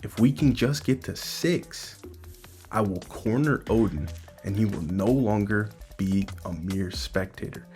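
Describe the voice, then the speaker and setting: A man's voice: fairly low pitch, a little slow, darkish tone, faint music behind, close to an everyday voice. A man voicing a serious, scheming female Valkyrie leader in a casual read-out of manga dialogue. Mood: determined.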